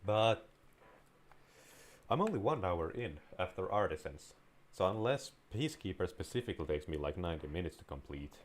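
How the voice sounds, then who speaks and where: Deep-voiced joking gamer man. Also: big pitch swings, moderate pace. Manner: playful, rambling, joking. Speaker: gaming YouTuber. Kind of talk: casual gameplay commentary.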